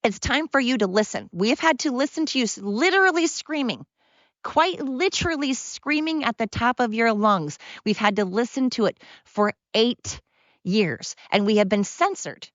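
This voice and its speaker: A woman's voice: on the high side, animated, normal speed, a bit bright, dry recording. A woman hosting her own show, delivering an angry, sarcastic solo rant with lots of emphatic repetition. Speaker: podcast host. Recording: dull lo-fi sound.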